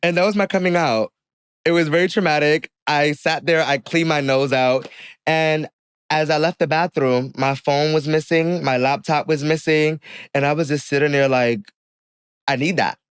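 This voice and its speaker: Animated young man telling a story. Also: fairly high pitch, moderate pace, clear, resonant tone, no echo, studio quality. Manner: animated storyteller who acts out the people he quotes. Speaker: podcast guest. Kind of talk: casual storytelling chat.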